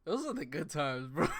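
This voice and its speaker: A man's voice: a little high, fairly bright tone. A man in casual chat, teasing his co-host, cursing and laughing a lot. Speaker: podcast co-host.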